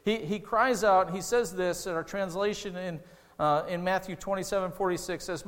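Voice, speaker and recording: A man's voice: sits high, normal speed, fairly bright tone, long reverb tail. A man preaching a sermon as pastor, earnest and conversational, with restarts and rising emotional peaks.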